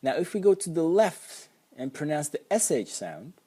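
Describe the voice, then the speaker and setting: A man's voice: fairly high pitch, big pitch swings, moderate pace, mellow, breathy edge. A man teaching pronunciation at a whiteboard, patiently repeating sounds for the learner. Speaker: language teacher.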